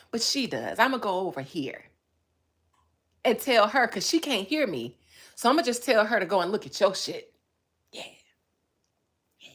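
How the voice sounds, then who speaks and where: A woman psychic talking casually on a livestream, profane and animated, breaking into laughter often. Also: mid-range voice, moderate pace.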